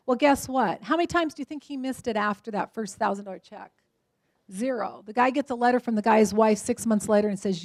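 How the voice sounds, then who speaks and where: A woman in her forties giving a keynote talk at a luncheon, telling lively stories and acting out the voices of the people in them. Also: a little high, brisk, dry recording. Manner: lively storytelling, acts out quoted voices. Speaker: motivational speaker.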